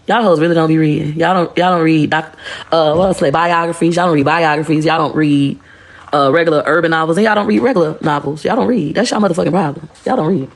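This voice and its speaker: Blunt, profane woman with a gravelly voice. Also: sits low, fast talker. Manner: blunt, profane, animated storytelling. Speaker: livestreamer. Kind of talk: casual livestream monologue.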